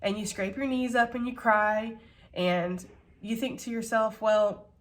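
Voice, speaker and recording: A woman's voice: on the high side, measured pace. A woman giving a tarot reading to her viewers, earnest and reassuring, openly emotional and swearing casually. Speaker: tarot reader.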